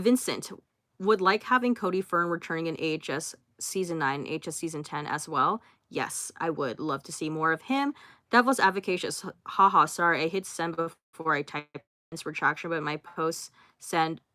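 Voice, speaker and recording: A woman's voice: sits low, sharp tone, no echo, clean studio sound. A young woman hosting a casual livestream from her phone, reading out viewer comments and answering each one briefly, with laughs and fillers. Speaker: livestream host.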